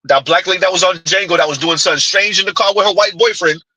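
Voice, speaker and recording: A man with a fairly high, piercingly bright voice hosts a live-stream commentary. He needles his audience with blunt rhetorical questions and mocking "huh?" asides. His tone is husky and sits close and dry. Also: fast talker, no room sound, poor audio. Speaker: commentary channel host.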